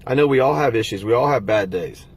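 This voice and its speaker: A middle-aged man with a husky, slightly breathy voice at a middle pitch. He speaks to camera in a casual vlog, sounding direct, earnest and heartfelt as he encourages his viewers. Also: quick pace. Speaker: motivational vlogger. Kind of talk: casual motivational talk to camera.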